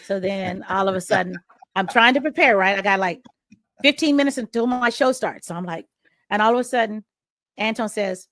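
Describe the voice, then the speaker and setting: Lively storytelling woman, dry close sound. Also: normal speed, no echo. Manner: acts out quoted dialogue with big pitch jumps. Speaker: radio host and podcast guest. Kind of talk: animated storytelling in an interview.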